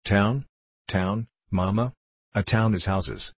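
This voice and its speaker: A man reading an audiobook, voicing a small earnest girl with slow, childlike questions. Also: lowish voice, husky, dry recording.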